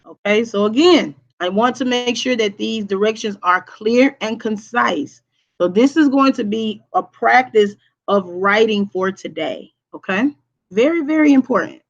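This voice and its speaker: A woman's voice: on the high side, dull audio. Woman teacher with a projecting voice. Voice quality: voice projects strongly. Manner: deliberate, repeats "okay?" to check understanding. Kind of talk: recorded online lesson with screen share.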